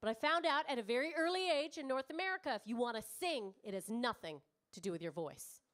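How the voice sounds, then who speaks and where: Woman stand-up, thirties, high bright voice, brash and crowd-chatty, swears freely. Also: expressive, fast. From Canada. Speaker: stand-up comedian. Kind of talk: stand-up comedy set. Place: comedy club stage.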